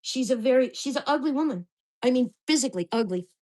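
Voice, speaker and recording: A woman's voice: sits high, animated, fast talker, darkish tone. A woman in her sixties, venting to camera at home in an agitated, swearing rant. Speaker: vlogger. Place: at home in a mobile home park.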